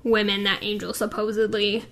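A woman co-hosting a podcast, chatting casually with soft, brief replies. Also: mid-range voice, flat delivery, normal speed. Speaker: podcast co-host.

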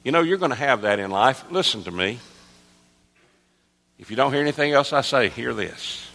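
A man in his sixties, a pastor, preaching an earnest sermon that drops soft and low, then rises to emphatic calls. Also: expressive, moderate pace, creaky. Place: church sanctuary. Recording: long reverb of a large hall.

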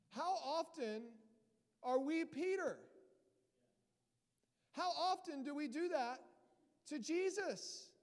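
A man's voice: very high voice, measured pace, pauses often. A male pastor preaching a sermon in a casual, joking, self-deprecating way. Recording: long church reverb.

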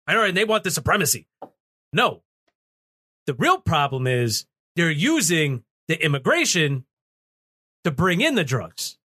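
A man co-hosting a podcast, talking in an animated, sarcastic way and swearing. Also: on the high side, normal speed. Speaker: podcast co-host. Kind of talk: casual political podcast talk.

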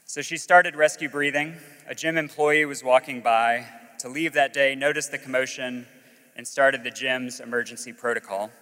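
A man's voice: mid-range voice, fairly even intonation, moderate pace, sharp tone, long reverb tail. A young man, a school chaplain from the Alabama Gulf Coast, tells a personal story to an audience in a candid, self-mocking way with frequent "uh" fillers. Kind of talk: personal story told on stage.

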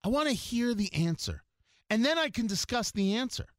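A man's voice: extremely high pitch, sing-song, normal speed, no room sound, clean studio sound. A man hosting a political talk show, delivering an opinionated monologue in an emphatic way, with many restarts and repeated words.

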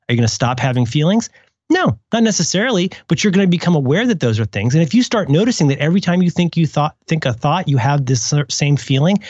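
A man's voice: on the high side, darkish tone, breathy edge, dry recording, lo-fi sound. A man hosting a podcast, musing in casual chat with wry asides and self-corrections. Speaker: podcast host.

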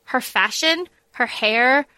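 A woman's voice: a little high, slow, bright, forceful tone, smooth, no room sound. A woman co-hosting a podcast in casual chat, rambling with many restarts and fillers. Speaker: podcast co-host.

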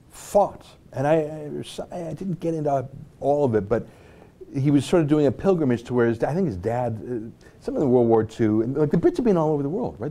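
A man from North America hosts an online show with casual commentary. He rambles and turns sarcastic, breaking off for asides. His voice sounds mellow and warm. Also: medium pitch.

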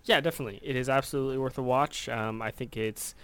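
A man's voice: mid-range voice, steady tone, fast talker, fairly bright tone, smooth. A man co-hosting a casual talk show, upbeat and joking. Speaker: podcast co-host. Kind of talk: casual chat.

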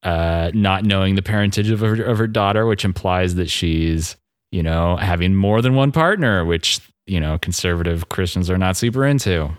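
A man co-hosting a podcast in casual chat, wry and quick to laugh. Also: low-pitched, animated, dry recording, clean studio sound. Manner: chatty, laughs often, wry asides. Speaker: podcast co-host.

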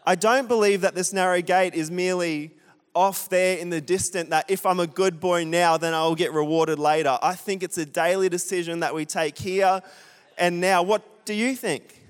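A young male pastor preaching to a congregation, talking in a chatty, self-deprecating way and throwing questions out to the room. His voice is smooth and resonant, pitched a little high for a man. It rings with a long reverb through the church hall. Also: fairly even intonation, moderate pace. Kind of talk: sermon with a storytelling aside.

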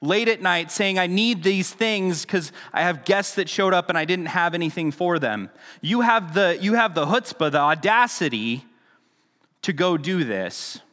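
A man's voice: sits high, expressive, a little slow, fairly bright tone, big-room sound. A man preaching a sermon in a casual, conversational teaching style, with frequent restarts and asides. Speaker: pastor.

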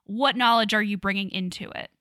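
Woman, podcast co-host, sarcastic, bright crisp tone, dry sound. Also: medium pitch, fairly even intonation, fairly quick, dry recording. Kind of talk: casual chat. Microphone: podcast microphone.

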